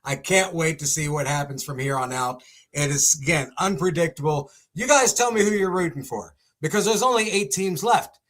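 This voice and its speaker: A young man hosting a casual sports commentary segment, talking in an excitable, exclamatory way. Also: a little high, moderate pace.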